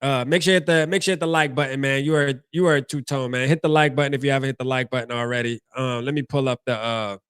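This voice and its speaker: A man's voice: mid-range voice, fairly even intonation, fast, few pauses, a bit bright, smooth, dry recording, studio quality. A man hosting a fan postgame show, ranting casually with slang and lots of repeats and restarts.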